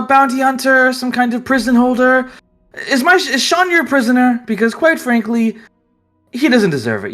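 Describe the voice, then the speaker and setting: A game master doing a brash, crude big sister. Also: female voice, fairly high pitch, voice pushed up. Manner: loud, mocking, swearing. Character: brash, crude older sister, strong and teasing.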